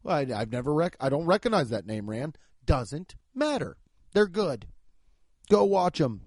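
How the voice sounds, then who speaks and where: A man's voice: a little high, very animated, normal speed, a little mellow, dry recording. A man hosting a comedy podcast, reading sponsor ads in profane, over-the-top hype. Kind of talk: comedic ad reads.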